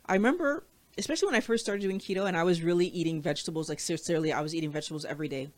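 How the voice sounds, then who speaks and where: A woman talking casually as co-host, chatty and quick to laugh at herself. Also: on the low side. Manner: chatty, laughs easily, self-correcting. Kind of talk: casual chat.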